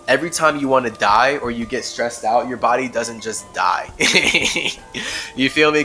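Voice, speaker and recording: Bright-voiced man rambling on a podcast. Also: medium pitch, animated, moderate pace, faint music behind. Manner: rambling, emphatic, laughs often. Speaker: podcast host. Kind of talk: casual spiritual monologue.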